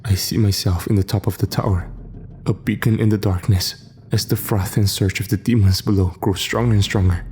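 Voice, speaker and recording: A man narrating a first-person horror story in a grave, measured way. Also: on the low side, fairly even intonation, a little mellow, slight background noise. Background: faint music.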